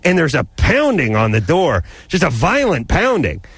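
Animated man telling a wild story. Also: on the high side, normal speed, slightly rough, no echo. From Los Angeles area. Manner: animated, rambling, laughs while telling. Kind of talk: casual storytelling on a call-in radio show.

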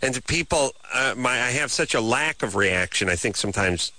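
A middle-aged man co-hosting a radio show, talking in a wry, deadpan, rambling way with lots of fillers. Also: mid-range voice, moderate pace, no room sound. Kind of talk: casual late-night radio banter.

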